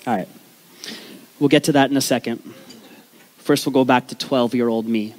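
A man's voice: mid-range voice, fairly even intonation, moderate pace, darkish tone. A man from Vancouver, telling his life story on stage as a comedic talk, candid and profane with joking asides to the crowd. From Canada, Vancouver.

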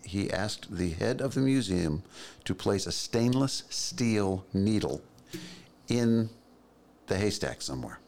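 A man's voice: lowish voice, animated, slow, darkish tone. A man co-hosting a podcast in casual chat, telling stories with dry, wry asides. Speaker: podcast co-host.

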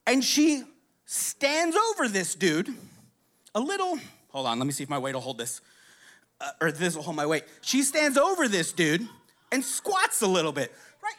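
Lively, crude man telling a rambling story. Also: very high-pitched. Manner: rambling, crude, checks in with listeners constantly. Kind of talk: casual profane storytelling to a live audience.

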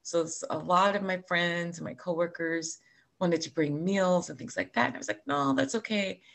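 A woman's voice: on the low side, steady tone, moderate pace, gravelly. A woman in her forties telling a personal story in conversation, candid and emotional, laughing through hard moments. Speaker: cancer patient sharing her story.

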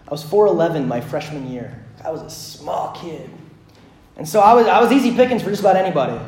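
A male pastor preaching a sermon, dramatic, swinging between loud emphasis and hushed lines with slow repetition. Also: high voice. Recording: echoey room.

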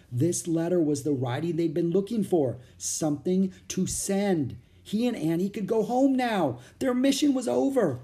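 A man narrating a children's chapter book aloud in an expressive storytelling manner. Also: mid-range voice. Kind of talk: audiobook reading for children.

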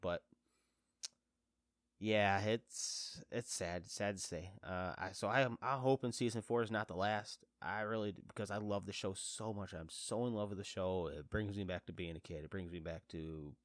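A man's voice: lowish voice, normal speed, hardly any pauses, dry recording, studio quality. A man chatting casually to his viewers as a fan, rambling and enthusiastic, with many fillers and restarts. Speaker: vlogger reviewing a TV series. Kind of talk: casual chat to camera.

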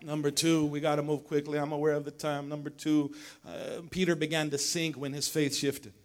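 A male pastor preaches briskly in a church sanctuary with a flat delivery, yet his sermon still moves from shouted climaxes to low storytelling. He calls on the congregation to respond.

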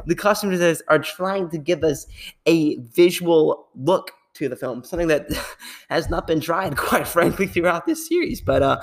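A young man hosting a podcast, talking casually in a rambling, animated way and laughing often. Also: fairly high pitch. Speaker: podcast host.

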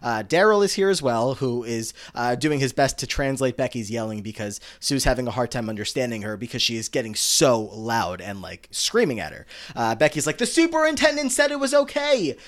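A man co-hosts a laid-back podcast, recapping a TV episode with lively commentary and briefly acting out characters' lines in exaggerated voices. His pitch is medium, he talks a little fast, and he barely pauses.

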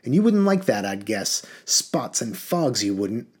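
A man's voice: mid-range voice, very animated, unhurried, slightly rough. A man voicing a pompous, old-fashioned male general who blusters and harrumphs in an audiobook reading. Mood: blustering.

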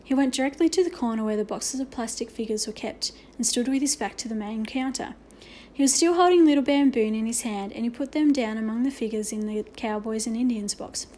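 Storybook reader: woman, fairly high voice, expressive delivery with occasional slips. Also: a little fast, few pauses. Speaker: narrator. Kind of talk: storybook reading.

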